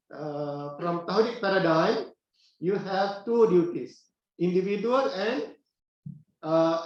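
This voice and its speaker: A high-pitched middle-aged man lectures in a classroom. He talks slowly, repeats himself and pauses on "uh", often asking the class questions. The room is very echoey and the sound is dull. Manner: unhurried, repetitive phrasing with frequent "uh" pauses and questions to the class.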